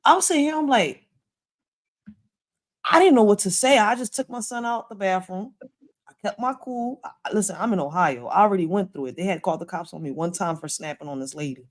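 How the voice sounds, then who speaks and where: A woman's voice: mid-range voice, brisk. A woman, casually telling a story with slang and swearing. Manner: animated, swearing, street slang. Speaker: host.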